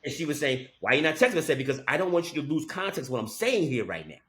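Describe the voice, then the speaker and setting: Animated man telling a story on a podcast. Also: fairly high pitch, fast. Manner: animated storyteller, emphatic "okay?" asides, frequent laughs. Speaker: podcast co-host. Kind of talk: casual podcast chat.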